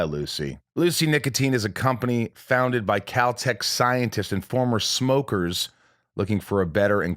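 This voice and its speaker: A man hosting a casual podcast chat, animated and quick to break into loud movie impressions. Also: lowish voice, no echo, studio quality. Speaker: podcast host.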